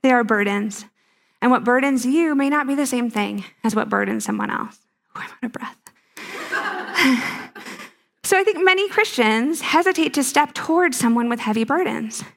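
A woman's voice: on the high side, expressive, brisk, gravelly. A woman giving a conversational teaching talk to a live audience, playful and full of rhetorical questions. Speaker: speaker at a ministry teaching.

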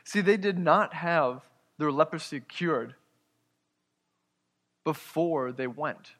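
A man preaching a sermon as pastor, earnest, moving between loud emphasis and quiet, hushed asides. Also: fairly high pitch, slow, long reverb tail.

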